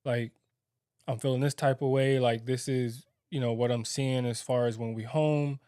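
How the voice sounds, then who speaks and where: A young man's warm, clean, mid-range voice with a steady tone comes through clean, echo-free studio sound as he co-hosts a married-couple podcast. He's candid and reflective, halting with many fillers and restarts.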